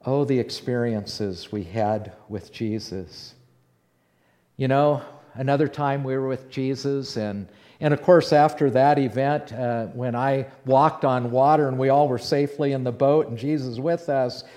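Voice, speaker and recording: A man playing the apostle Peter in a first-person dramatic monologue, telling his story in an animated way that swings between hushed and loud. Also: mid-range voice, a little slow, lightly acted. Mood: awed storytelling. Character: the apostle Peter, bold outspoken fisherman. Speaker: preacher in character.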